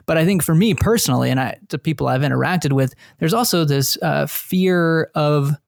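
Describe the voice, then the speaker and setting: A man's voice: on the high side, moderate pace, vocal fry, no echo, clean studio sound. A man from Texas, a guest author, explaining his ideas in a thoughtful podcast interview. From Texas, USA.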